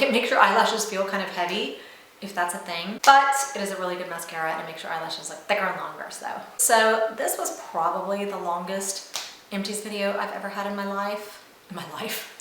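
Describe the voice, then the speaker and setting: A woman's voice: medium pitch, brisk, a bit bright. A woman chatting to camera as a beauty vlogger, rambling with lots of fillers. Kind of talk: casual chat to camera. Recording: very echoey room with faint background noise.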